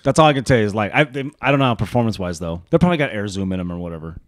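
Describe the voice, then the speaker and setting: A man in his thirties co-hosting a podcast in casual chat, animated and joking, swearing freely. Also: fairly low pitch, rapid-fire, no echo, studio quality. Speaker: podcast co-host.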